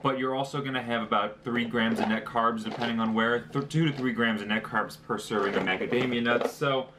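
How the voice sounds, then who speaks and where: A man's voice: medium pitch, steady tone, fairly quick, background noise. A young man talking casually through a snack review, chatty and joking, with fillers as he lists details. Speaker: vlogger.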